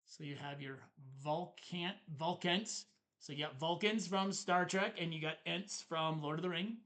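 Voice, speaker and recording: A man's voice: on the high side, a little slow, fairly bright tone. A man co-hosting a board game review, chatting casually as he shows the cards and chuckles at the puns. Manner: chatty, laughs at the card puns. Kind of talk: casual show-and-tell review.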